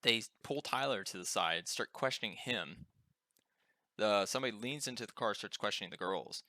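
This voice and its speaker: A young man co-hosting a casual podcast, telling a story in a profane, animated way with lots of "like" fillers. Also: on the low side, moderate pace, no room sound, studio quality. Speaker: podcast co-host.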